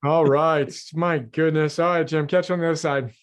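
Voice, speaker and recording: Effusive male host of an online group chat, voice on the higher side. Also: fairly even intonation, moderate pace, clear, resonant tone. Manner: effusive, warm sign-offs.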